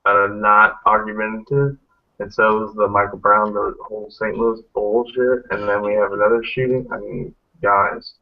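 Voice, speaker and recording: A man with a fairly low, fairly flat voice hosts a casual group video chat at a moderate pace. He's blunt, rambling and quick to swear, and the call audio has a tinny, phone-like quality.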